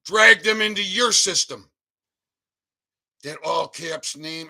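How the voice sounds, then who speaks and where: Profane, shouting middle-aged man ranting. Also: a little high, steady tone, a little slow, pauses often. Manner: sarcastic mocking asides. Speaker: livestream host. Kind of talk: ranting livestream.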